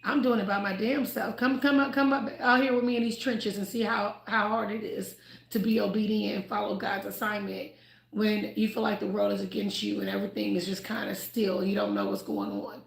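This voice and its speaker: A chatty, expressive woman who grew up in Ohio and Houston, talking casually about faith on a livestream and laughing often. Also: mid-range voice, fairly quick, gravelly. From United States (Ohio, raised in Houston). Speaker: livestream host. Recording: roomy echo.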